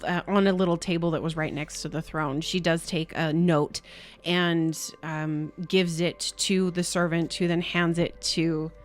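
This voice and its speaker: A woman's voice: on the low side, steady tone, measured pace, few pauses, faint music behind. A woman narrating a tabletop game as game master, chatty and stopping often to correct herself.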